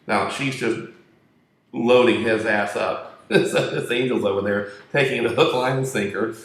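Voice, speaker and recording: Man, mid pitch, rambling crude storyteller, very echoey room. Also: unhurried. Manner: crude, profane, joking.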